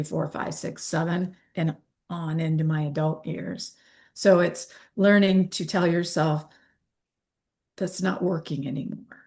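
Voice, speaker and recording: A woman in her fifties, an interview guest who talks candidly and acts out the dialogue she quotes. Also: on the low side. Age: 50s.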